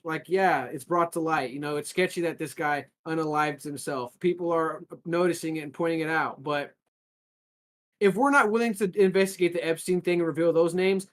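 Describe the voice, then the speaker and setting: A man co-hosting a podcast, talking casually in long rambling runs with frequent restarts and a gloomy, nihilistic outlook. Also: a little high. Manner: rambling, self-described nihilistic, restarts often. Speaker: podcast co-host.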